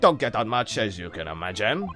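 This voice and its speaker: Male streamer as pompous retired officer, animated delivery, hearty bluster. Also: on the low side, brisk, soft background music.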